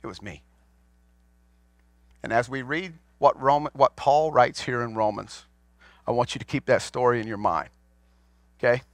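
A man's voice: mid-range voice, steady tone, moderate pace, dry recording. A man in his forties, a pastor, preaching a sermon to his congregation in a folksy storytelling way, asking them questions as he goes. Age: 40s. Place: church sanctuary.

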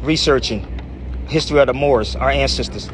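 A man's voice: mid-range voice, brisk, background noise. A man with an American accent talking in a loose, slangy, chatty way while vlogging on a city street into a phone. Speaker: travel vlogger. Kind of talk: casual street vlog. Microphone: phone camera.

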